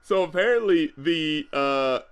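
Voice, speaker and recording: A man hosts a casual podcast chat, often laughing and slipping into quoted voices. His voice is high for a man. His pitch swings in a lively way. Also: a little slow, clean tone. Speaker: podcast host.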